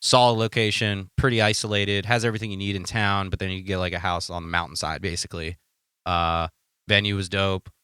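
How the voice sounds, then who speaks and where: A man's voice: deep voice, level tone, brisk, pushed and bright, smooth, no echo, studio quality. A man co-hosting a podcast in casual chat, blunt and profane, making his points emphatically. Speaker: podcast co-host.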